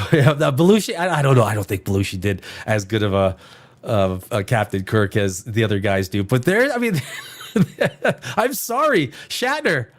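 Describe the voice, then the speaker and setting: Male host, casual, rambling talker with lively pitch and a loose, cursing manner. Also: normal speed, soft background music. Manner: rambling, swearing, many restarts. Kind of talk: casual chat.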